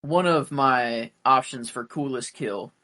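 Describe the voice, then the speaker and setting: A man's voice: medium pitch, takes it slowly, pushed and bright. Rambling young man on a podcast. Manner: rambling, hesitant, many fillers. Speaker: podcast co-host. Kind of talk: casual fan podcast chat.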